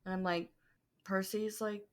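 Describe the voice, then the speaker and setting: A woman's voice: mid-range voice, steady tone, measured pace. Wry, exasperated woman podcast guest. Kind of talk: casual podcast chat.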